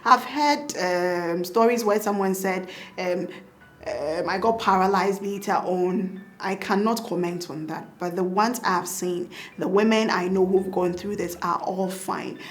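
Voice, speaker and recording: A woman's voice: lowish voice, measured pace, a little hiss or hum. A woman with a Ghanaian accent, a doctor and mother, tells her birth story in a casual interview, acting out her own past words with laughter.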